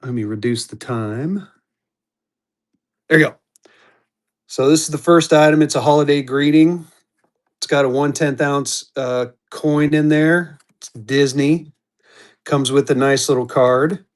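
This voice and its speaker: Unhurried and given to long pauses, this high-leaning male voice belongs to a live-stream auction host. He rambles casually, restarts his thoughts, and addresses viewers directly by name.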